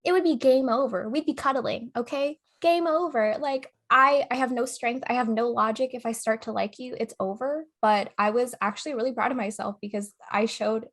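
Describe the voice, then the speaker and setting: A young woman chats on her podcast, spinning a story with a slightly high voice. She swears freely, laughs between words and acts out each exchange with lively energy. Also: normal speed, few pauses. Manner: animated, swears often, laughs mid-sentence, acts out quotes. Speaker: podcast co-host. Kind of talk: casual chat, storytelling.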